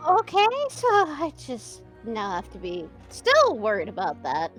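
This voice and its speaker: A woman playing in an online tabletop game, often exasperated and yelling. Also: medium pitch, wildly swooping pitch, a little slow, faint music behind. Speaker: player. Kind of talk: casual tabletop play.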